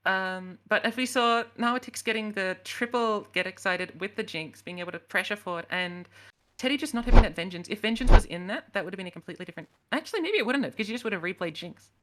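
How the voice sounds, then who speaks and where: A woman's voice: mid-range voice, animated, fast talker, a bit bright, a little hiss or hum. A woman from the Americas casting a live esports match, analytical and thinking aloud, often second-guessing her own reads. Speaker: esports co-caster. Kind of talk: live esports game commentary.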